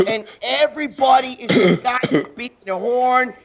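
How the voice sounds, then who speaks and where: A man telling stories on a talk show, profane and animated, acting out other people's lines. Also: extremely high pitch, measured pace, lo-fi sound, a crowd in the background. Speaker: guest storyteller. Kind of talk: casual talk-show storytelling.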